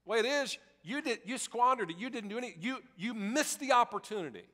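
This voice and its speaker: An exasperated master tears into his lazy servant, firing off insults in a high, bright, forceful voice, as a preacher plays him. The words ring out through a big, echoing hall. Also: expressive. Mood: scolding. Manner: scolding, exasperated, rapid-fire insults. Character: angry wealthy master scolding a lazy servant.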